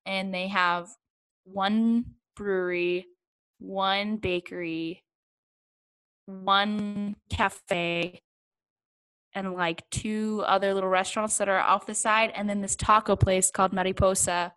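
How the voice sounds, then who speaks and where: A woman's voice: mid-range voice, fairly even intonation, takes it slowly, fairly bright tone, clean tone, rough recording. A woman in casual chat, talking in a rambling way full of fillers and little laughs. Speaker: guest.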